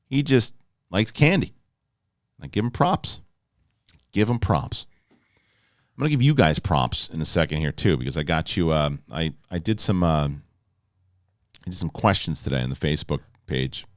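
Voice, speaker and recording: Animated male host, low voice. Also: normal speed, long pauses, no echo, clean studio sound. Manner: animated storytelling, yelling in quoted outbursts. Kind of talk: casual solo chat with sponsor read.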